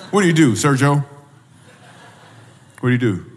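A man's voice: mid-range voice, animated, normal speed, slight background noise. A male stand-up comedian doing crowd work on stage, teasing audience members and repeating his questions. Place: stage in a church hall. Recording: reverberant hall from a distance.

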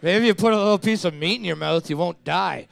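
A young man co-hosting a casual trivia night, chiming in with crude, deadpan quips. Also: high-pitched, fast talker, vocal fry, no room sound. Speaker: co-host. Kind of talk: casual banter.

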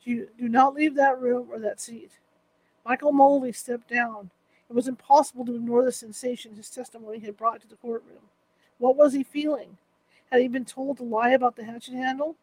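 A woman's voice: a little high, darkish tone, no room sound, low-quality recording. A woman narrating a true-crime courtroom story in a vivid, dramatic manner.

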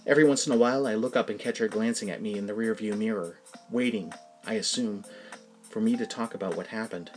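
A man, the podcast host, reading his own first-person story in a plain, even manner. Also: lowish voice, fast talker, faint music behind. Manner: plain, even storytelling, casual asides in the outro.

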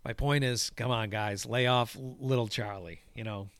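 A man in casual chat about golf, swearing freely and telling stories with lively energy. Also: mid-range voice, normal speed, a crowd in the background. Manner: profane, animated storyteller. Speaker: podcast co-host.

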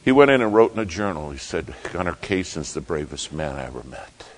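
A man preaching a sermon who tells a dramatic story, acting out the quoted voices and shouting dog commands. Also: rumbling low, very animated, a little fast.

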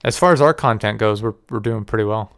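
A man's voice: on the low side, fast, a bit bright, clean tone. A young man co-hosting a podcast, telling rambling, profane, self-deprecating stories in casual chat. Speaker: podcast co-host and video editor.

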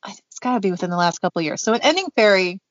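A chatty woman co-hosting a podcast talks very fast in a mid-range, animated voice, giggling often and filling her loose speech with fillers. The casual chat is recorded dry, with no room sound, and sounds slightly muffled.

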